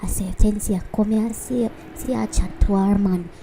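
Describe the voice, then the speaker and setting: A woman plays a loud, gossiping Jamaican cartoon neighbor with a mellow voice, retelling a quarrel in patois. A faint hiss sits under her. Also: medium pitch, steady tone, normal speed, natural voice, rough recording.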